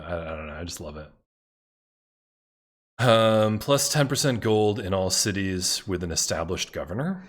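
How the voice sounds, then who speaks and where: Swearing, excitable man playing a strategy game. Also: low-pitched. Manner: excitable, swears when frustrated, muttering to himself. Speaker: gameplay commentator. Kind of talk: casual strategy game commentary.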